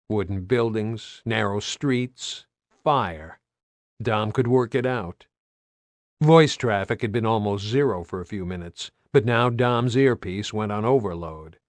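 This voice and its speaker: A man's voice: fairly low pitch, measured pace, dry recording. A man reading an audiobook aloud with tense, dramatic narration. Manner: tense, dramatic, varied delivery.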